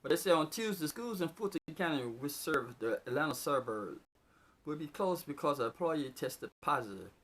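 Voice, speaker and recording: A man reading news headlines aloud in a casual, unedited video, breaking off to riff on them with animated asides. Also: a little high, normal speed, breathy edge. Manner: reads news items aloud, then riffs on them excitedly. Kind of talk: casual unscripted commentary.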